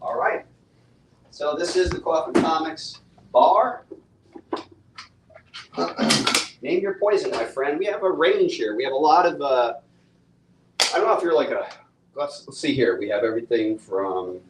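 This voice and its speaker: A fairly high, expressive male voice speaks at a measured pace with long pauses over a noisy background. He's a host and comic book publisher leading an upbeat, chatty live-stream conversation full of laughter, from a studio set with a bar in an echoey room.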